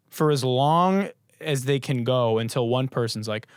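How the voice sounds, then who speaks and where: A young man hosting a casual solo podcast, hoarse with his voice mostly gone, rambling and swearing in a jokey way. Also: medium pitch, unhurried, no room sound, studio quality. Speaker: podcast host.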